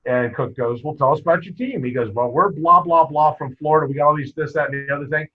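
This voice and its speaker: A man, a wrestling coach, telling stories in a casual interview, lively and full of quoted dialogue. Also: on the high side, fast. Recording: muffled lo-fi podcast audio.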